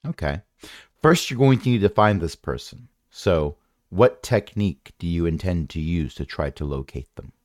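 A man's voice: sits low, lively intonation, normal speed, dry recording, studio quality. A man running a tabletop game as game master, rambling and correcting himself with wry asides.

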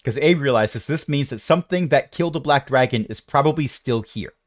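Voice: medium pitch, brisk, no echo. A game master narrating a tabletop game with a dry, joking delivery.

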